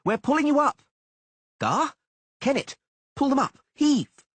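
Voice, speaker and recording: A man voicing a loud, excitable male troubadour in an audiobook, yelling frantically. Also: extremely high pitch, brisk, dry recording, voice pushed up, full character voice. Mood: shouting.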